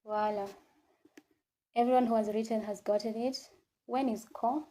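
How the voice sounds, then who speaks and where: A woman teaching French in a classroom, slowly repeating each word again and again and switching between English and French. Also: a little high, fairly even intonation, mellow. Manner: slow, repeats words many times, mixes English and French. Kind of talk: classroom lesson.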